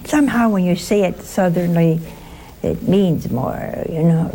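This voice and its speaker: A woman's voice: lowish voice, expressive, unhurried, darkish tone, a little hiss or hum. An older woman teaching a Bible lesson, chatty and teasing, asking her listeners questions. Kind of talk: sermon-style Bible teaching.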